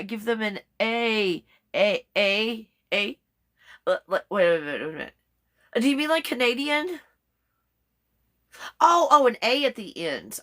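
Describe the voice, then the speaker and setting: This woman runs a relaxed live stream where she talks with her viewers and voices their comments. She laughs frequently and sometimes spells words letter by letter, with a medium-pitched, fairly bright voice.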